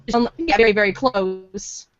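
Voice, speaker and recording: This fan voice actor has a mid-range voice and talks at normal speed, rambling a little in a chatty, self-deprecating way. The casual podcast conversation comes through on dull, lo-fi sound.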